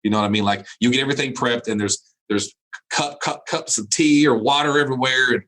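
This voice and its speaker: A man's voice: medium pitch, brisk, fairly bright tone, rough recording. A man who is a college dean, giving a motivational keynote over a video call, telling funny anecdotes and chuckling at his own jokes before turning earnest and encouraging. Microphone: video call mic.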